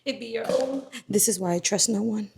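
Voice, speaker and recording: A woman's voice: medium pitch, a little fast, gravelly, a little mellow, slight background noise. A young woman chatting casually in a book vlog, reacting dramatically and repeating herself. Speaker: book vlogger. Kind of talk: casual reading vlog chat. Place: outdoors at a park; at home while cleaning.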